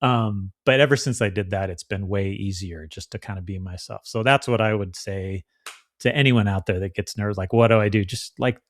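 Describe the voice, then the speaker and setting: Chatty low-voiced man, dry sound. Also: normal speed, no room sound. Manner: chatty, acts out quoted voices. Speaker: podcast co-host. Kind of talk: casual chat.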